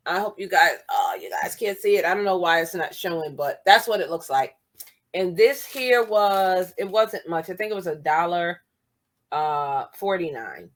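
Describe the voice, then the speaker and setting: A woman's voice: medium pitch, fairly bright tone. A woman vlogger chatting through a shopping haul, reading product labels aloud and repeating the prices as she goes. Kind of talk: casual haul video.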